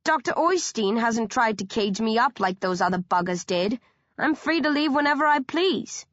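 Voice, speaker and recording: A woman's voice: fairly high pitch, lively intonation, normal speed, a bit bright, no room sound, lo-fi sound, voice pushed up. A woman voicing a cocky, menacing teenage boy zombie who growls back.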